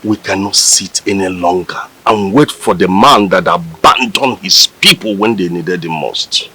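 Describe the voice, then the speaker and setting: An actor with a Nigerian accent playing a worried village elder who talks in an anxious, dramatic, exclaiming way. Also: male voice, sits low, measured pace, pushed and bright, breathy edge, exaggerated voice, rough recording. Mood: grave.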